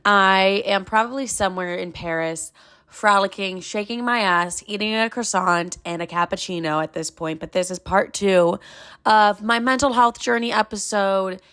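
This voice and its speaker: A young woman hosts her own podcast, speaking in a loose, chatty monologue full of "like" and frank swearing. Her voice sits at an ordinary pitch for a woman. The sound is close and dry, with no room around it. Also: normal speed, a bit bright, clear, resonant tone, dry recording. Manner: candid and blunt, swears freely; chatty with frequent "like" fillers. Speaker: podcast host.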